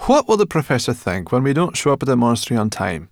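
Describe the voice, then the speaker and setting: A man's voice: medium pitch, animated, moderate pace, dry recording, studio quality, pitched above the performer's own voice, natural voice. A man voicing a feisty, stubborn female forest brownie who talks bluntly and insistently.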